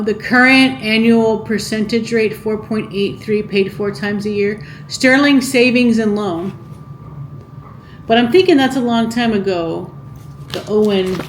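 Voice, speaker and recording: A woman's voice: mid-range voice, echoey room, slight background noise, poor audio. Chatty woman reading an old cookbook aloud. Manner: chatty, muses aloud and asks viewers questions. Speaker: cooking vlogger. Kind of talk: casual vlog, reading from a vintage cookbook.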